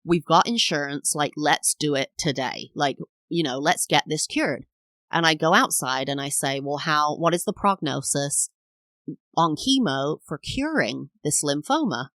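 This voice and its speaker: A woman's voice: deep voice, expressive, measured pace, fairly bright tone, no echo. A woman in her thirties, a podcast host telling a personal story in a chatty, rambling way, full of fillers and acted-out quotes. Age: 30s.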